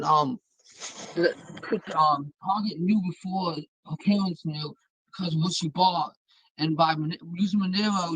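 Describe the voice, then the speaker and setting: A man's voice: a little high, fairly bright tone, dry recording, rough recording. A young man in a casual live audio chat, making an earnest point with many fillers. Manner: earnest, hesitant, filler-heavy.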